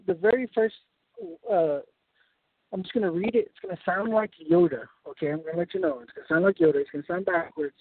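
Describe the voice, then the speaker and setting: Lively high-voiced preacher, tinny sound. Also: male voice, dry recording. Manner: explains step by step, often checking in with "right?". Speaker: preacher leading a Bible study. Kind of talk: sermon-style Bible teaching. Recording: tinny phone-like sound, dry.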